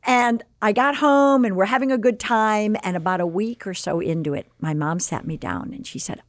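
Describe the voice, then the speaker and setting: A woman from the Chicago area, in her sixties, tells a personal anecdote as a podcast guest at a moderate pace and medium pitch. She's animated and acts out the dialogue she quotes, and there's no room sound in the recording.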